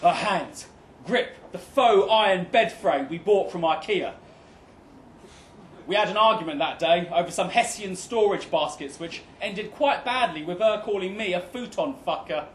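A young man reading a comic first-person story aloud at a live fiction night, in a wry, deadpan voice with sudden mock-heroic bursts. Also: high voice, measured pace. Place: pub function room with live audience. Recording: echoey live room, faint noise.

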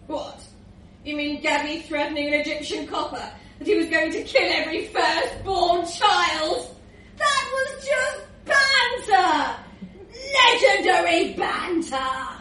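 A woman's voice: high voice, flat delivery, moderate pace. A woman voicing a boastful, laddish male reindeer who turns whiny when cornered. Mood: indignant. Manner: loud, boastful, laughing through lines. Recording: echoey room, distant mic, faint hiss.

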